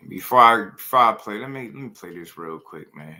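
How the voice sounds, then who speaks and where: A man's voice: fairly low pitch, animated, fairly quick, bright, forceful tone. A man hosting a boxing show in casual, playful commentary full of slang and jokes. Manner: playful, jokey, heavy slang.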